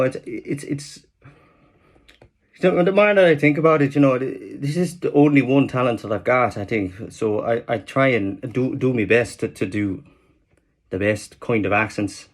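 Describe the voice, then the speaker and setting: An easygoing Irish man, as a man puts on a Southern Irish accent, rattles on quickly in a low voice. His words roll out fast and he repeats himself in an improvised accent demo. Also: natural voice. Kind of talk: accent demonstration, improvised chat.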